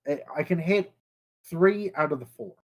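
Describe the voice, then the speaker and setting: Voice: medium pitch, lively intonation, normal speed, poor audio. A player in a tabletop game, talking hesitantly while thinking through a move. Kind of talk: casual tabletop game chat.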